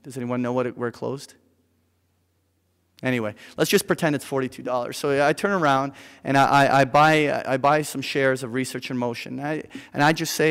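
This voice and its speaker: A man leading a live investing seminar in front of an audience, telling an animated story with many fillers and "right?" tag questions. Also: mid-range voice, normal speed, clear, resonant tone. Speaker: seminar instructor. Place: lecture room with an audience. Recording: reverberant lecture hall.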